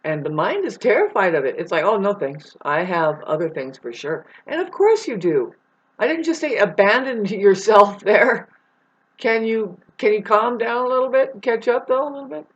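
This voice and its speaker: A woman's voice: a little high, very animated, normal speed, husky. A woman vlogging a rambling spiritual monologue, swearing freely and growing irate as she talks. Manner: profane, grows irate and loud. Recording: dull lo-fi recording.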